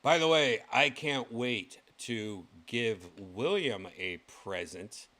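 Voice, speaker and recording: Animated, bright-voiced male streamer. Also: mid-range voice, slow pace. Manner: excitable, swears freely, loud exclamations. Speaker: show host. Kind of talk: casual livestream commentary.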